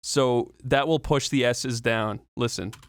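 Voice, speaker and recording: A man's voice: mid-range voice, steady tone, takes it slowly, clean tone, dry recording, studio quality. A man talking through an audio tutorial in a loose, casual way, explaining each step with fillers and the odd swear.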